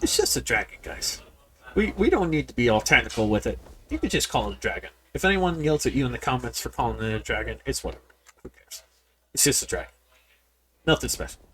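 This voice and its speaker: A man's voice: mid-range voice, sing-song, fairly quick, a little hiss or hum. A man giving casual, rambling commentary while playing a game, often repeating words and talking straight to his viewers. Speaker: game streamer. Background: people yelling in the background.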